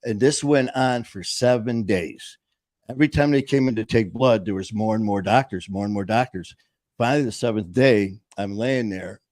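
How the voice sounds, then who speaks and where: Male host, Boston accent, low-pitched, emphatic storyteller, dry close sound. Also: moderate pace, a little mellow, no echo. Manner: emphatic, plain-spoken, restarts often. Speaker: podcast host. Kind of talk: casual storytelling interview.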